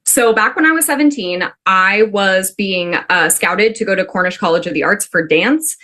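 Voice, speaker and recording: A woman from the Pacific Northwest telling a personal story to a class in an animated, chatty way, full of "like". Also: mid-range voice, moderate pace. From Pacific Northwest, USA. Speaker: student storyteller.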